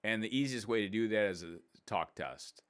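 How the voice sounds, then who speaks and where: A man's voice: lowish voice, normal speed, smooth. A man in his sixties, a fitness coach and podcast host, explaining exercises in a casual, upbeat, plain-spoken way. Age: 60s. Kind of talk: casual instructional podcast talk.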